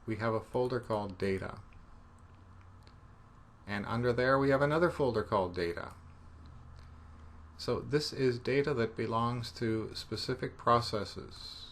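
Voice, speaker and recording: A man teaching programming in a relaxed screencast, thinking aloud as he debugs and joking about his own mistakes. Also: medium pitch, a little slow, pauses often. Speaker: programming instructor. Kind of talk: screencast coding tutorial.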